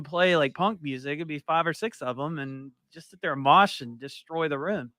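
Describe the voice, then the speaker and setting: A man's voice: fairly high pitch, moderate pace, hardly any pauses, fairly bright tone, no room sound. A man co-hosting a radio show, easygoing and chuckling in casual banter. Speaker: radio co-host.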